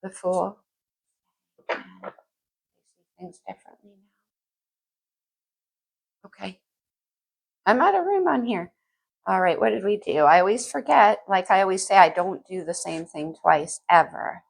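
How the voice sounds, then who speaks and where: A woman's voice: lowish voice, a little slow, creaky, pauses often, rough recording. A woman reading tarot cards for her viewers in a chatty, think-aloud way. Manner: chatty, thinks aloud, sings lyrics softly. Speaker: tarot reader.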